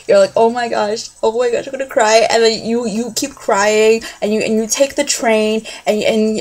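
A young woman chats straight into a camera mic at a mid pitch, talking quickly and loosely with lots of fillers and repeated words. She acts things out as she goes, gasping and bouncing her tone around to play the reactions. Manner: animated, acts out fan reactions with gasps. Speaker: vlogger. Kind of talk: casual chat to camera.

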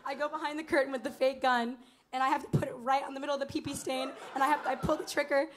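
A young woman with a bright, high voice tells an onstage story between songs in a small club. She laughs through it and acts out everyone's lines. Her live mic picks up plenty of background noise. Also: very fast. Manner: animated, laughing, acts out other people's lines. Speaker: singer telling a stage story between songs.

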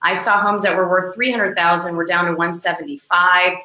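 A woman's voice: fairly low pitch, a little fast. A middle-aged woman, a real estate agent, animatedly telling a story in an interview and acting out the people in it. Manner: animated, acts out the people in her anecdotes. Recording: roomy echo.

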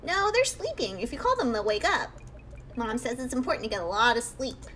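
A woman voicing a playful little girl in a high, sing-song kid voice. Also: very animated, a little fast, fairly bright tone, slight background noise. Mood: cheeky.

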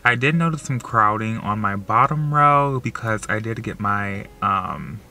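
Young-sounding male vlogger, chatty and emotional, slightly low pitch with a bright tone, heavy on the fillers. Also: measured pace. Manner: filler-heavy, says "like" constantly; excitable and emotional. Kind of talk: casual vlog chat.

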